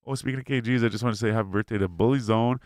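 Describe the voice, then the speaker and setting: A young man chatting as podcast co-host, with a smooth, clear voice that sits a little low. He rambles and swears, stacking fillers as he goes. The sound is dry and close. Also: steady tone, rapid-fire, a little mellow, dry recording. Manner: rambling, profane, lots of "like" fillers. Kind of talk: casual chat. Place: home studio.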